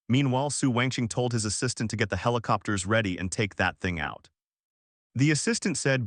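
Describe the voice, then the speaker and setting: A man's voice: medium pitch, brisk, fairly bright tone, no echo, studio quality. A man narrating a story recap in the first person, reading steadily and voicing the quoted dialogue.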